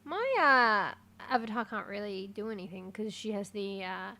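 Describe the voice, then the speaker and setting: Loud outbursts and quiet muttering alternate as a woman livestreams a game, chatting casually, easily excited and swearing freely. She speaks at normal speed in a mid-range voice with vocal fry.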